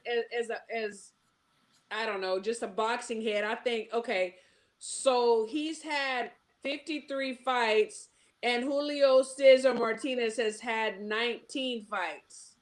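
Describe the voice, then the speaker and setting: Texan woman host, talkative, fairly high voice, laughs a lot. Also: slow pace. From Texas. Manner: laughs easily, restarts her phrases. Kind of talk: casual chat.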